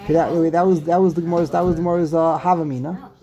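A man leads a Talmud class, reading passages aloud and then explaining them in plain speech. His voice sits a little high for a man but has a warm, mellow tone. He makes dry jokes along the way. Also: fairly even intonation, rapid-fire, highs cut off. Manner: wry asides, chuckling, reading and translating. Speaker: Talmud teacher. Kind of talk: casual Talmud lesson.

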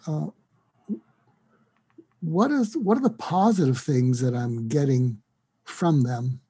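A man, a psychiatrist, explaining a technique as an interview guest, animated and acting out bits of sample dialogue. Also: medium pitch, slow pace, slightly rough.

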